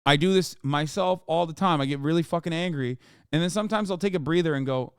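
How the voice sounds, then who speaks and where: A man's voice: on the high side, fairly quick, smooth, dry recording, studio quality. A man in his thirties streaming a casual reaction, exasperated and ranting, swearing often.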